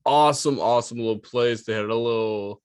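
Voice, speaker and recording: A man's voice: medium pitch, fairly quick, clean tone, no room sound, clean studio sound. A man co-hosting a casual podcast, telling rambling stories in a laid-back way, laughing often and swearing. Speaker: podcast co-host. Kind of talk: casual storytelling chat.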